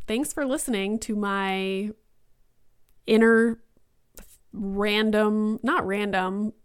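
A woman's voice: mid-range voice, a bit bright, clean tone. A woman in her thirties hosting her own podcast, talking alone in a rambling, think-aloud way full of fillers. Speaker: podcast host. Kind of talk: casual solo monologue.

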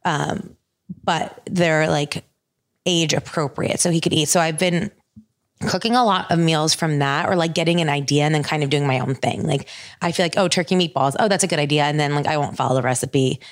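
A woman co-hosting a podcast, casual and upbeat, with quick fillers. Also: sits low, steady tone. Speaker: podcast co-host.

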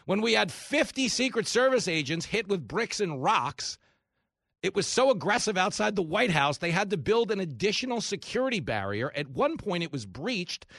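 Male radio host, high gravelly voice, sarcastic monologue, dry studio sound. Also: big pitch swings, moderate pace, fairly bright tone, no room sound. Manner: sarcastic, mocks opponents in shrill mimicking voices. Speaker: radio talk show host. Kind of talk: opinionated monologue.

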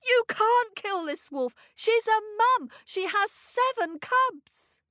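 A woman puts on an earnest young boy in a storybook. His high, pleading voice leaps up and down, and he speaks slowly and carefully in a dry, close sound. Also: expressive, no room sound, exaggerated voice.

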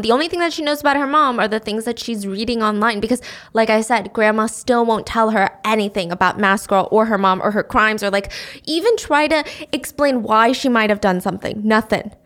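Female host, casual plot recap, slightly high voice, dramatic character voices. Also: brisk. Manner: animated, acts out character lines in high voices.

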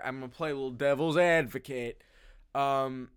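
A man's voice: mid-range voice, normal speed, smooth. A young man hosting a casual solo podcast from his bedroom, rambling and swearing with lots of fillers. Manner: rambling, profane, filler-heavy, animated. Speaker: podcast host. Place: home bedroom, sitting on carpet.

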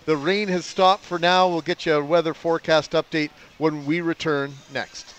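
A man's voice: on the high side, fairly even intonation, normal speed, fairly bright tone. A man hosting a live radio show, handling segues and reading a news item, on a covered outdoor patio. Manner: smooth segue-driven host patter. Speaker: radio host. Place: outdoor patio under a roof.

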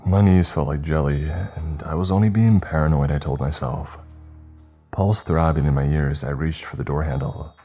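A man narrating a first-person story in a steady, even retelling. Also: rumbling low, moderate pace, husky, soft background music.

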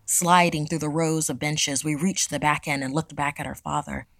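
Low, gravelly woman narrating horror. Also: steady tone, a bit bright, dry recording. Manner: measured, dramatic storytelling. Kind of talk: scripted horror story narration.

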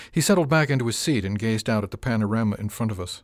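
A man reading a first-person story as an audiobook narrator, in a steady, plain storytelling manner. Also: lowish voice, fast talker, hardly any pauses, no echo, clean studio sound.

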